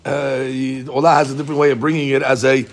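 A man teaching a casual Talmud study lesson. He reads the text off rapidly, then explains it in English, often stumbling and repeating words. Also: medium pitch, level tone.

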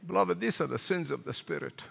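Lively, bright-voiced older male preacher. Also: sits high, a little fast, creaky, in a large hall, slight background noise. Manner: animated preaching, repeats phrases for emphasis, asks the congregation questions. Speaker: pastor. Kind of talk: sermon.

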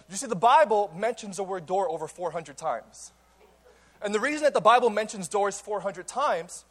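A young adult man, a pastor, telling a playful story in a sermon to a church congregation, energetic and full of quick restarts. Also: sits high. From Cuban. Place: church auditorium before a congregation.

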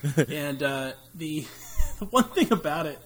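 A young American man talks movies on a casual podcast, rambling through jokey asides. His voice sits a little high, and he laughs often as he goes. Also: animated, moderate pace. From United States. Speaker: podcast co-host.

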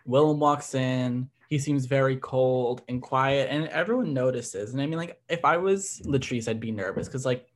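A man's voice: medium pitch, moderate pace, hardly any pauses. Chatty man recapping a show. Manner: chatty, many "like" fillers. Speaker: podcast co-host. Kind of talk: casual chat recapping a TV episode.

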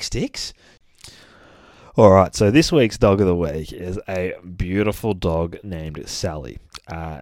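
A deep-voiced Australian man chats casually on his podcast as a dog trainer. He rambles in a good-humoured way, turning aside now and then to talk to his dogs. The recording is close and dry, with no room sound. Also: a little mellow, dry recording.

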